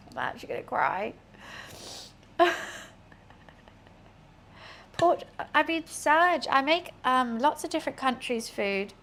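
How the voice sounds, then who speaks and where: Slow-talking woman, chatty cook. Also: on the high side, fairly bright tone, slight background noise. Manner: chatty, swears casually, talks to herself. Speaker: streamer. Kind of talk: casual cooking livestream chat.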